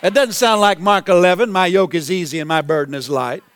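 A man preaching a sermon, his high voice smooth and clear. He rises to emphatic, repeated exclamations, heard close and dry with little room sound. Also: fairly quick, a bit bright, no room sound. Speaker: pastor.

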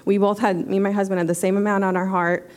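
A woman giving a church testimony, out of breath, nervous and apologetic, speaking haltingly. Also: mid-range voice, flat delivery, darkish tone. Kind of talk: spontaneous testimony.

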